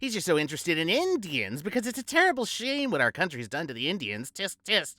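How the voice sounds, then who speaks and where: A man's voice: sits high, wildly swooping pitch, brisk, sharp tone, dry recording, studio quality, voice pushed up, exaggerated voice. A man voicing a gushing middle-aged society lady at a party, simpering and sing-song.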